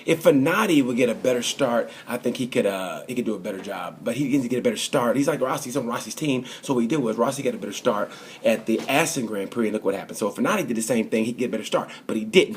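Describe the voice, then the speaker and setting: A motorsport vlogger casually reviews a motorcycle race in a rambling, chatty way, full of fillers and restarts. His voice is mid-range, with slight background noise.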